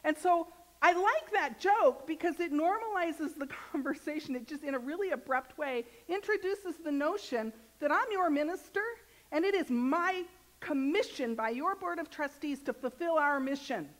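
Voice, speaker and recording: In a church sanctuary, a woman minister with a high voice preaches a relaxed, joking sermon at a moderate pace, often turning to the congregation with questions. Her talk is loose and conversational rather than formal, and the recording is rough.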